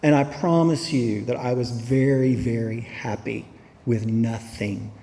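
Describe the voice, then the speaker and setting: Mellow man telling his story. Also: mid-range voice, measured pace, creaky, in a large hall, a little hiss or hum. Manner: candid, humorous, drawling storytelling. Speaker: recovery meeting speaker. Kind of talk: personal testimony to an audience. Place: meeting hall.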